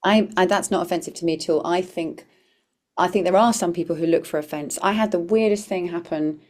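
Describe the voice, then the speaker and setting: Brief: low-pitched woman performer, reflective guest storyteller. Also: fairly quick, darkish tone. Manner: earnest, reflective, with frequent restarts. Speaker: comedian and performer, podcast guest. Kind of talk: conversational storytelling.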